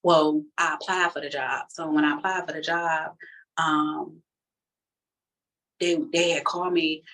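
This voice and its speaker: A woman's voice: low voice, measured pace, distant mic, poor audio. A woman telling her personal testimony in a casual, conversational way, acting out the people in her story. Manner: animated, acts out the other people in her story.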